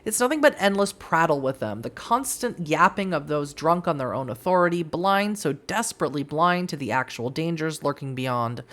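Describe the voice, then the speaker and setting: A woman's voice: sits low, moderate pace, few pauses. A woman hosting a let's play, reading the game's story aloud expressively with casual, swearing commentary. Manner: expressive, swears freely, laughs at the game.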